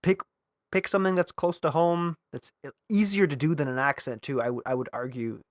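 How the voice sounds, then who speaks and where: A man from Canada hosting a casual interview, hesitant and quick to agree with his guest. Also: on the high side, fairly even intonation, no room sound, studio quality. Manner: hesitant, restarts and agrees often. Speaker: podcast host.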